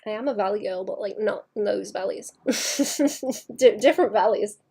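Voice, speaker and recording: A woman livestreaming her painting, chatting casually and thinking aloud in soft mutters that trail into whispers, second-guessing her work. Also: medium pitch, normal speed, vocal fry, slightly rough. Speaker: artist streaming her painting.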